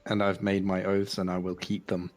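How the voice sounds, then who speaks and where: A man voicing a stern adventurer in a tabletop game, speaking gravely and pointedly. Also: deep voice, completely flat delivery, normal speed, faint music behind, lightly acted. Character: stern male adventurer keeping his oaths.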